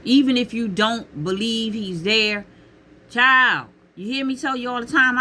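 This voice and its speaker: A middle-aged woman talking casually to camera with emphatic, expressive delivery, calling listeners honey and child and calling out to God. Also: medium pitch, slight background noise. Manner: peppers talk with exclamations to God. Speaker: vlogger giving relationship advice.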